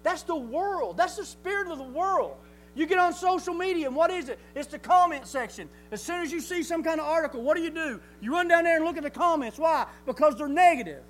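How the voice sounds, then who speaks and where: A man's voice: very high-pitched, animated, a little fast, fairly bright tone. A man preaching a sermon in a folksy way, asking rhetorical questions and chuckling often.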